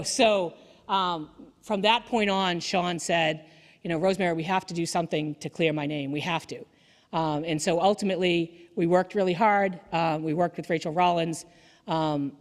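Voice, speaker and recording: A woman lawyer giving a candid, energetic story-driven speech at a dinner event. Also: lowish voice. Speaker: defense attorney. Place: banquet hall. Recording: echoey hall.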